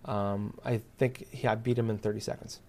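A man's voice: fairly low pitch, level tone, normal speed, darkish tone. Profane, ranting man in casual chat. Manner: profane, exasperated ranting with many fillers.

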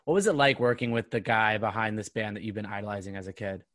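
A man hosting an interview on a video call, relaxed and encouraging, who also reads a short ad. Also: on the low side, fast talker, dry recording. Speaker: podcast host.

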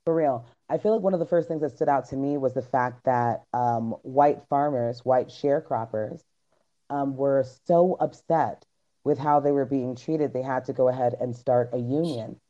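A woman's voice: very deep voice, normal speed, dark tone. A woman hosting a podcast in casual chat, talking bluntly and emphatically with plenty of slang. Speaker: podcast host. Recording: dull lo-fi recording.

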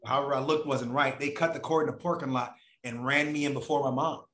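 Animated man telling stories, echoey room. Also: mid-range voice, fast talker. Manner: animated, profane, acts out voices of others. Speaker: podcast guest. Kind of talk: casual storytelling.

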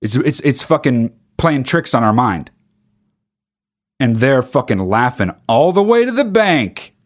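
A man's voice: mid-range voice, big pitch swings, measured pace. A man delivering a profane, exasperated comic rant, breaking into mock sung bits. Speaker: comedian. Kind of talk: stand-up style comic rant.

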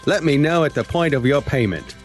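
A man voicing a friendly male scammer in a deliberately bad mock Australian accent, delivering a salesy pitch. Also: lively intonation, soft background music, lightly acted.

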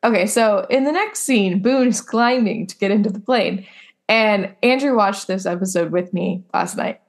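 A woman's voice: medium pitch, moderate pace. Young woman, podcast co-host, loose rambling chat full of fillers. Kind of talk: casual chat.

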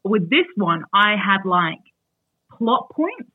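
A woman's voice: mid-range voice, slow, slightly rough, dry recording. A woman, an author chatting in an interview over a video call, with many fillers. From Australia. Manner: chatty, many fillers, animated when retelling. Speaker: author guest. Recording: tinny lo-fi video call audio.

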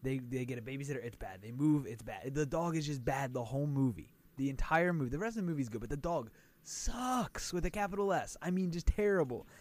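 A man co-hosting a casual podcast, his voice at a middling pitch that swings widely and freely. He tells stories with exaggerated emphasis and laughs often. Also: animated, fairly quick, darkish tone. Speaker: podcast co-host. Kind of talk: casual chat.

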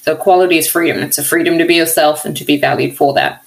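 The interview guest, a workplace equality researcher from outside America, talks fast in a low, gravelly voice with fairly even intonation. The audio is poor, and she tells her story with earnest feeling and many "you know" fillers.

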